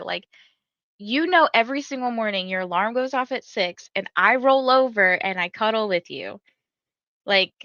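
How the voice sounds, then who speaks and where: Young woman stream host, bright forceful voice, chatty, filler-heavy, dry slightly dull mic. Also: mid-range voice, dry recording. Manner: chatty storytelling, many "like" fillers, laughs often. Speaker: livestream host of reading sprints. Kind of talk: casual chat to livestream viewers.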